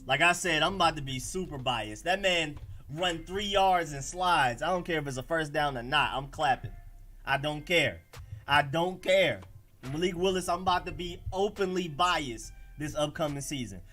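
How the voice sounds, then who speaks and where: A man with an Atlanta accent hosts a casual sports livestream, answering the chat in an animated, slangy flow. His voice is forceful and sits a little high. Faint music plays behind him. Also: moderate pace. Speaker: livestream host.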